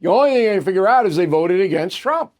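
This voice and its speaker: A man's voice: high-pitched, lively intonation, quick pace. A man hosting an opinion news show, talking in a blunt, emphatic way. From New York area. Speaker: news commentary host. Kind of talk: opinion commentary monologue.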